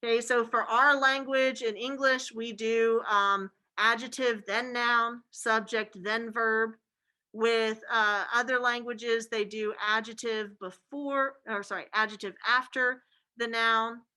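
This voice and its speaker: Woman teacher, fairly high and bright voice, casual filler-heavy lecturing. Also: fairly even intonation, takes it slowly, poor audio. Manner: casual and chatty, many fillers like "like" and "okay". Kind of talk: classroom lecture.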